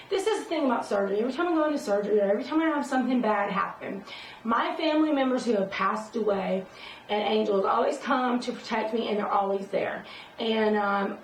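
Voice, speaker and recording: A woman vlogger tells a personal story casually, rambling with many fillers and restarts. Her voice is on the high side, and she's away from the mic, so the sound is roomy with faint noise.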